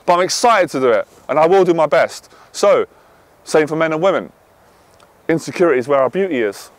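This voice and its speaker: Intense dating coach, slightly high voice, loud then hushed. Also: male voice, lively intonation, fairly quick, no echo. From half Irish. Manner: intense, swears, swings from loud to quiet. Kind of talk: passionate monologue to camera.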